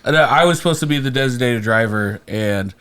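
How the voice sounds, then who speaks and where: A man's voice: mid-range voice, fairly quick, fairly bright tone, clean tone. A man co-hosting a comedy podcast, telling rambling, self-mocking anecdotes in a casual chat.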